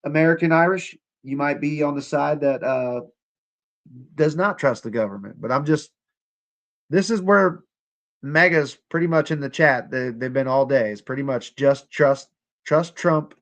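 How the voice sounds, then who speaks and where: A man's voice: fairly high pitch, normal speed, fairly bright tone. A young man hosting a casual livestream, sarcastic and profane, talking straight to his chat. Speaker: livestream host.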